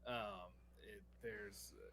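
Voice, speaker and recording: A man's voice: on the low side, fairly even intonation, slow, sharp tone, slight background noise. A young man co-hosting a podcast, chatting casually and enthusiastically with plenty of fillers and restarts. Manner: rambling, enthusiastic, many fillers. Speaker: podcast co-host. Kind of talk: casual chat.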